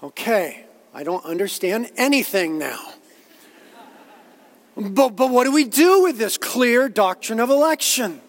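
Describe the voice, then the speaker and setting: High-voiced man preaching in a hall. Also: lively intonation, unhurried. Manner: earnest preaching with repetitions and quotations. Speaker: pastor. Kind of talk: sermon.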